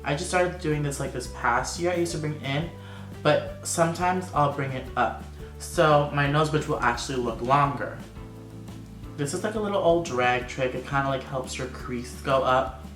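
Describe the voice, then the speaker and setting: A man's voice: a little high, normal speed, a bit bright, faint music behind. A man talking through a makeup tutorial vlog in a sassy, campy, playful way. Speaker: makeup vlogger. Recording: echoey room.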